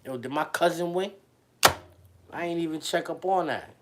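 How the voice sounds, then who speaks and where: A man hosting a livestream, chatting casually with viewers in loose, animated slang. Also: fairly high pitch, moderate pace, very noisy. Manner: slangy and animated, often addresses chat. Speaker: livestream host.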